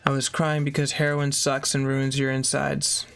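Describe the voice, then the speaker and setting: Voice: mid-range voice, monotone, moderate pace, creaky. A reader reading a memoir aloud in a plain way, breaking off now and then for short spoken asides.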